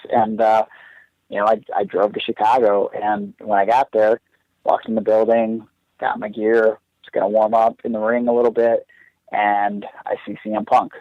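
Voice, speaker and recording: A young man with a somewhat low voice tells a long personal story in a loose, rambling way, full of "like" and restarts. The audio is dry and a bit dull, like a lo-fi podcast recording. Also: no room sound. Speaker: podcast guest, pro wrestler. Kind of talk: casual storytelling.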